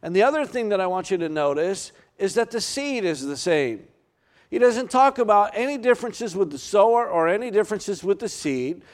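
A man preaching a sermon to his church, earnest, with frequent fillers, sometimes slowing for scripture and sometimes rushing. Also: high-pitched, animated. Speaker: pastor.

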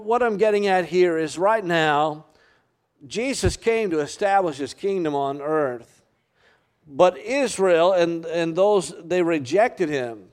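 High-voiced male pastor preaching. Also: clear, resonant tone. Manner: earnest preaching with many fillers, speeding up and slowing down. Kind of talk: sermon.

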